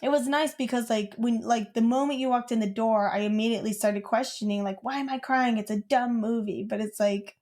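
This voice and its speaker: A woman's voice: a little high, fairly even intonation, fairly quick, hardly any pauses, a little mellow. A young woman co-hosting a podcast, telling a childhood story in casual chat, rambling with lots of "like.". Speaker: podcast co-host.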